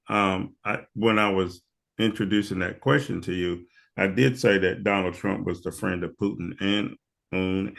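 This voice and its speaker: Male host with a low, gravelly voice who asks meandering questions and keeps restarting them. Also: a bit bright. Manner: hesitant, rambling questions with restarts. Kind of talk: casual political discussion.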